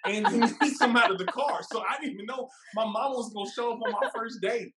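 A man telling a casual story about his first date, animated and laughing, acting out what people said. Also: very high-pitched, fairly quick, reverberant, heavy background noise. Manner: animated, laughing, acts out quotes.

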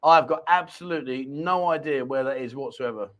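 A man's voice: mid-range voice, dull audio. A man hosting a live chat show, reading out viewer comments with teasing, jokey banter. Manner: jokey, teasing, quick laughs. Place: Pattaya, Thailand.

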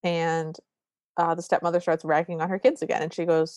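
A woman's voice: lowish voice, fairly even intonation, normal speed, darkish tone, no echo, clean studio sound. A woman co-hosting a podcast, casually recapping a movie scene by scene and acting out the characters' lines. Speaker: podcast co-host.

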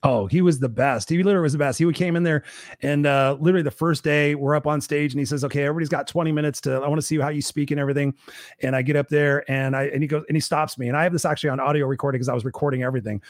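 A man speaking in casual chat, telling a story fast and emphatically, with words like "literally" repeated. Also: fairly high pitch, steady tone, no echo, studio quality.

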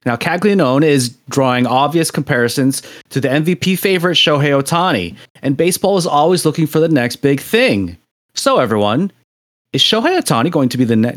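A man's voice: a little high, no room sound, clean studio sound. Man hosting casual sports talk. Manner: reads stats, then chats. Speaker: host.

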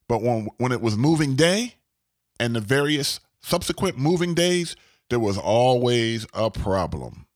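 A man talking through a casual podcast monologue in a mid-range voice that swings widely in pitch. He is emphatic and repetitive and keeps tagging lines with "all right?", with the sound close and dry with no room echo. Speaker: podcast host.

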